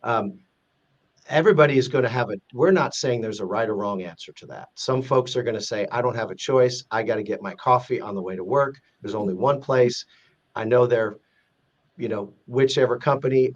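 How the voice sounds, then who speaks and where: A man speaks as a podcast guest. His pitch is middle-of-the-road and his delivery is earnest and measured, often circling back to restart a sentence. The sound comes through a dull, lo-fi remote connection. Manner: earnest, measured, explaining step by step with frequent restarts. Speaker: guest, president of an advocacy group. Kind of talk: podcast interview.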